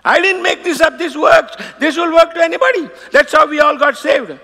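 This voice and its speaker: A man preaching a sermon as pastor, emphatic and building to shouted declarations, acting out quoted voices. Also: extremely high pitch, fairly quick, hardly any pauses, long reverb tail. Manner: acts out quoted voices and scripture.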